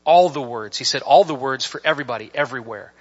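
A man preaching a sermon from the pulpit, swinging between emphatic, near-shouted scripture and quiet, conversational asides. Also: mid-range voice, animated, fast talker, husky. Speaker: pastor. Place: church sanctuary. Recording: dull lo-fi church recording.

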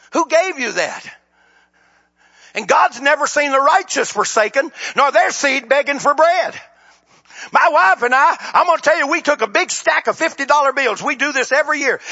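A man preaching a sermon, swinging from shouted appeals to low, quiet asides. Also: muffled recording. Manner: impassioned, rises to shouts then drops low.

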